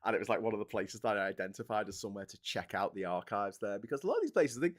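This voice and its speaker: A man with a Scouse accent hosting a casual live stream, ranting in an opinionated way with sudden loud outbursts. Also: lowish voice, sing-song, racing. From England.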